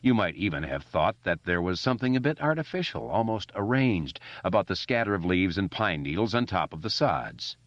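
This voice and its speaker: A man narrating a novel as an audiobook reader, expressive and doing voices for the characters. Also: sits low, brisk, few pauses, dry recording, lo-fi sound. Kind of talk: scripted narration.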